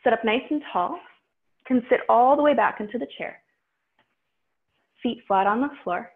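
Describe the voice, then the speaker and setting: A woman's voice: on the high side, moderate pace, long pauses. Woman guiding yoga over tinny audio. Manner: calm, instructive cueing of breath and poses. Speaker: yoga instructor. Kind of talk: guided yoga class.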